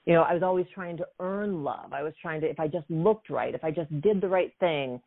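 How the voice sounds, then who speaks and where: A woman's voice: low voice, brisk. Woman telling stories over a phone-like line. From United States. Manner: animated storyteller, frequent "you know" fillers. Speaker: guest, coach and author. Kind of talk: storytelling in a conversation. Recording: phone-like narrow sound.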